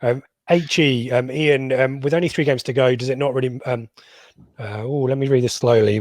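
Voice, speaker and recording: A man's voice: mid-range voice, steady tone, normal speed, darkish tone, no room sound. A man hosting a casual football podcast, reading out listener questions with a lot of hesitant ums. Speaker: podcast host.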